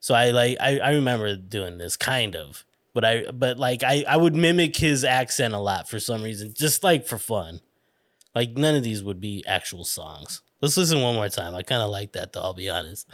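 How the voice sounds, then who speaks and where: A man's voice: medium pitch, expressive, normal speed, a bit bright, no echo. Rambling, self-conscious man on a dry podcast mic. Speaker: podcast host. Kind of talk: casual podcast chat.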